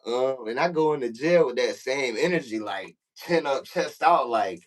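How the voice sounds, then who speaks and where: A young man swaps stories as a podcast guest in an easy, rambling way, padding every thought with filler phrases and swearing freely. His pitch sits in the ordinary middle, and when he acts out a standoff he climbs noticeably louder and higher. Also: expressive, normal speed, rough recording. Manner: loose, profane, full of "like" and "you know what I'm saying"; gets loud and high when reenacting confrontations. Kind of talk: casual storytelling.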